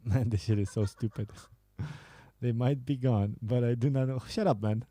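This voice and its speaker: A man's voice: mid-range voice, normal speed, dark tone, dry recording. A man hosting a podcast, casually reading out and joking about viewer messages, laughing and swearing often. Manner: laughing, profane, banter. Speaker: podcast host.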